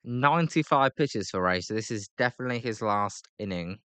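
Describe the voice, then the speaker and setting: A British man commentating live on a baseball game, with a bright, forward tone. He chats between pitches with plenty of fillers and lifts his voice for the big plays. The sound is dry and close to the mic. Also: animated, fairly quick, smooth, no echo. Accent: British English. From Britain. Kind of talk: live play-by-play reaction.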